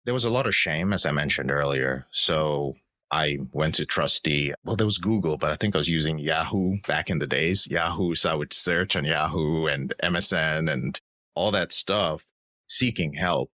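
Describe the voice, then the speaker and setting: A man's voice: rumbling low, normal speed, sharp tone, no room sound. A man in his thirties, a podcast guest, telling his personal story in an earnest, reflective way. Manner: earnest, reflective, acts out quoted voices.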